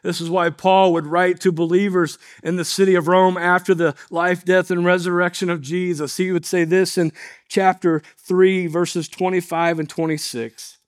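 A high-voiced man preaches in an earnest, measured way. He works through his points as a pastor, pausing on rhetorical questions to draw his listeners along. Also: level tone. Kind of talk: sermon.

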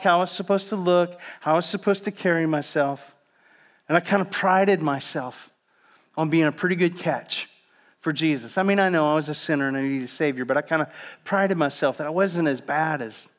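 A male pastor delivers a sermon in a fairly high voice. He moves between hushed, slow prayer and raised, emphatic preaching. He has his listeners repeat a prayer with him. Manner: leads the congregation in repeated prayer, drops to a hushed low voice.

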